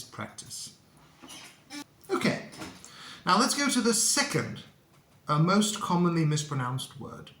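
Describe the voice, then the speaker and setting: Slow, careful male English teacher. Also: a little high, fairly bright tone. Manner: slow, deliberate, repeats words for learners to copy. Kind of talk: pronunciation lesson to camera. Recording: echoey room.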